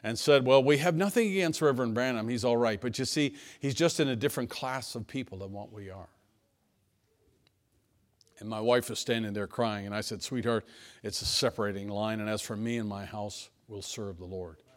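A pastor preaching a sermon to his church, telling personal stories in a folksy manner that swings between hushed asides and emphatic lines. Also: fairly low pitch, moderate pace. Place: church sanctuary.

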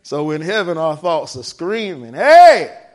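Preaching at a slow pace in a medium-pitched voice, a man reads a passage and unpacks its meaning. He keeps checking in with "right?", draws out important words, and shifts from quiet to loud.

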